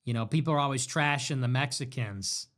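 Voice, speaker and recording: A man's voice: medium pitch, brisk, a bit bright. A young man ranting in a livestream monologue, mocking and sarcastic, slipping into whiny impressions of the people he mocks. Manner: mocking, sarcastic, mimics others in whiny voices. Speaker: livestream political commentator.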